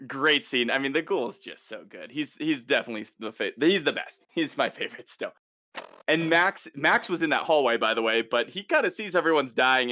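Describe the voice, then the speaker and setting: This podcast co-host has a mid-range voice, recorded with studio quality and no room sound. He gives a casual, animated recap of an episode, performing the characters' lines along the way.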